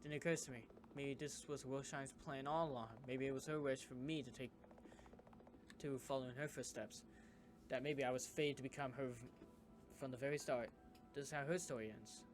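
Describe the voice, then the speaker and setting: A man's voice: medium pitch, steady tone, brisk, over music. A man playing a story game, reading its text aloud in an earnest way as he plays. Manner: earnest narration with sudden loud reactions.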